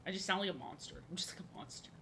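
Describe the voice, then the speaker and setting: Bright-voiced woman chatting on stream. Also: on the low side, racing, slight background noise. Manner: rambling and jokey, repeats phrases. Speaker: live-streaming artist. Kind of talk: casual chat while drawing on stream.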